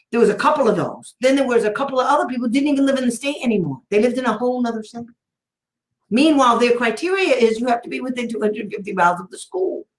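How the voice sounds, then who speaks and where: Blunt, laughing woman advocate in echoey room. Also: fairly high pitch. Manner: blunt, laughs often, sarcastic asides. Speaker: special education advocate. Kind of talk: casual storytelling talk.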